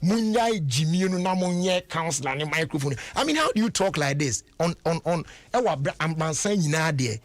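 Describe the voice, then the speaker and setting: A man's voice: on the high side, animated, fairly quick, few pauses, no room sound. A Ghanaian man hosting a radio talk show, chatty and full of restarts and rhetorical questions. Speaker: radio host.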